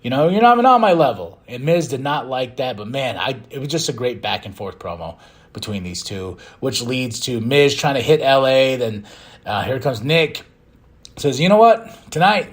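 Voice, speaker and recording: Young guy podcast host, super animated recap, bouncy voice, yells out the quotes. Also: mid-range voice. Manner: excitable, acts out quotes in bursts. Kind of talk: casual wrestling recap.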